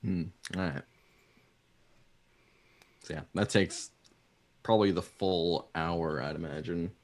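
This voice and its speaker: A man playing a tabletop game, relaxed and laughing often as he describes his character's actions. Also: sits low, slow, a little hiss or hum. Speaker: player. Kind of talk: tabletop role-play chat.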